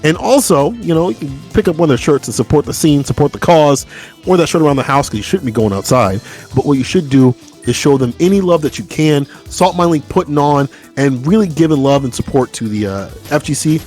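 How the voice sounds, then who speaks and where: A man doing live fighting game commentary, excitable and chatty, talking to the stream chat. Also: fairly high pitch, brisk, soft background music. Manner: excitable, hype, talks to chat. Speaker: esports commentator.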